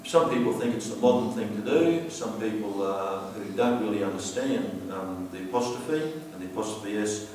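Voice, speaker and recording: A man teaching a grammar lesson over slides, explaining patiently and repeating himself, slowing down to stress key words. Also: lowish voice, darkish tone, slight background noise. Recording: very echoey room, distant mic.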